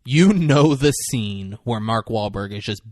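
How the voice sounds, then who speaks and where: A man's voice: lowish voice, expressive, a little mellow, no echo, clean studio sound. A man co-hosting a podcast, casually retelling a film scene by scene, laughing often and acting out the characters' lines. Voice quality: laughs often, acts out lines in quick voices. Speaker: podcast co-host recapping a movie. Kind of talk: casual chat.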